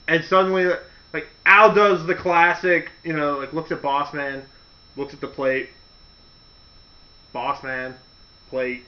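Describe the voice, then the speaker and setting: Animated high-voiced man, lo-fi recording. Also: slow, long pauses. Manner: animated, acts out quotes with mocking voices. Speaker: wrestling commentary host. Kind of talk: casual storytelling monologue. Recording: dull lo-fi audio.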